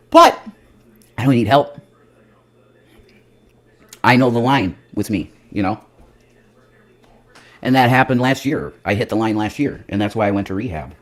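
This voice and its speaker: A man with a lowish voice, a measured pace and long pauses performs as a self-styled reverend on a livestream. His comedic monologue rambles and swears, shifting from loud to muttered.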